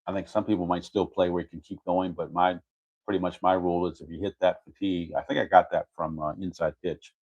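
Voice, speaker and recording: Deep-voiced man narrating a tabletop baseball replay. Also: flat delivery, quick pace, darkish tone, muffled recording. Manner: methodical, reads out dice and chart results, corrects himself. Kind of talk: casual play-by-play of a dice game.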